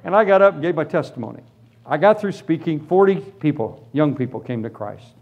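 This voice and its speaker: A man preaching and giving his personal testimony, telling it as a lively story and acting out the other people in it. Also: on the high side, a little fast, creaky, muffled recording. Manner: animated storytelling, acts out voices. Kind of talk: testimony sermon.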